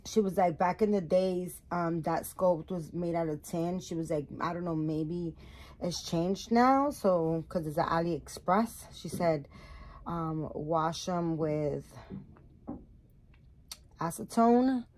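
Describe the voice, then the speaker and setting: A woman's voice: lowish voice, a little slow, a little mellow. A middle-aged woman vlogging at home, chatting casually to her viewers, rambling and correcting herself as she goes. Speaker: doll-making vlogger.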